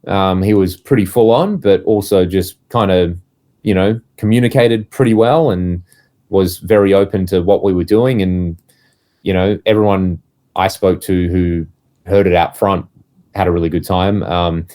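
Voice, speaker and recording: A man's voice: deep voice, steady tone, moderate pace, mellow. A man, co-hosting a casual podcast chat, telling stories animatedly and acting out the voices of people he quotes. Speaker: podcast co-host, touring musician.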